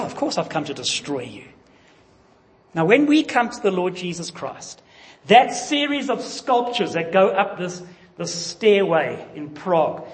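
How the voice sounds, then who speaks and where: High, lively male preacher. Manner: emphatic, questioning the congregation. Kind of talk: sermon. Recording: long reverb of a large hall.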